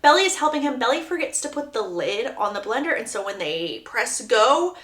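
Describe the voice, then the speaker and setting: A woman giving a chatty, animated plot recap, laughing often and acting out the lines she quotes. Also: a little high, fairly quick. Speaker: book recap youtuber. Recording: roomy echo.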